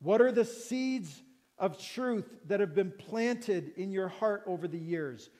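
A middle-aged pastor with a high voice delivers an earnest sermon at an unhurried pace. He repeats his phrases and keeps asking questions of his listeners. His voice rings with the long reverb of a large church hall. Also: lively intonation, warm tone.

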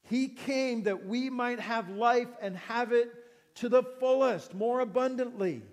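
Slow, high-voiced preacher in a ringing hall. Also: male voice. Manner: earnest, repeats phrases, asks the listeners questions. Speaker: pastor. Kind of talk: sermon. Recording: long reverb of a large hall.

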